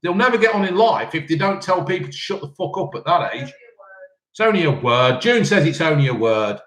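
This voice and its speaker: A man's voice: on the high side, lively intonation, brisk, fairly bright tone, reverberant. A man in his fifties hosting a casual live chat. He reads out viewers' questions and answers them with blunt, sweary, cheeky banter. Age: 50s. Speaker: live-stream host reading chat questions.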